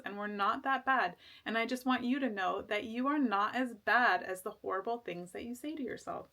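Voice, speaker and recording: A woman's voice: a little high, moderate pace, few pauses, sharp tone. Woman, tarot reader, casual spoken reading, rambling, fillers and restarts, earnest, reassuring.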